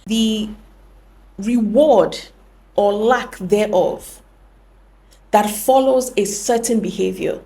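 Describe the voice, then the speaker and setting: A woman's voice: mid-range voice, takes it slowly, pauses often, warm tone. A young woman hosting a podcast, explaining things earnestly and often correcting herself mid-sentence. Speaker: podcast host. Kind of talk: reflective podcast talk.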